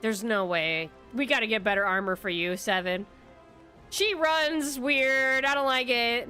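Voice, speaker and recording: A woman streamer giving casual gameplay commentary, swearing freely in quick reactive asides. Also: a little high. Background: soft background music.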